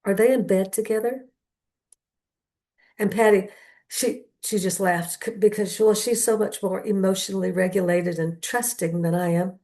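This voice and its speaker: Brief: older woman comic, wry rambling storyteller, mid-pitched voice. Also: little pitch movement, moderate pace, a little mellow. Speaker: comedian. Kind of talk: stand-up storytelling.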